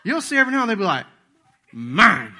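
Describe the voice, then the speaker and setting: Lively, bright-voiced pastor preaching. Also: male voice, extremely high pitch, very fast. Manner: folksy, joking, animated preaching with acted-out voices. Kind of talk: sermon.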